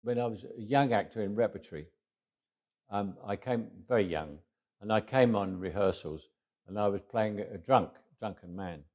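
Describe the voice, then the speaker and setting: Brief: man in his eighties, interview guest, reflective storyteller, lowish voice. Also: moderate pace, darkish tone. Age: 80s. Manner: reflective, repeats words as he restarts.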